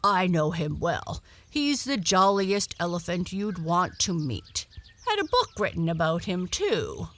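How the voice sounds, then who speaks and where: A woman voicing a male dog who is gruff and cross at first but good-hearted, with a hearty, blustery way of talking. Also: on the low side, sing-song, a little slow.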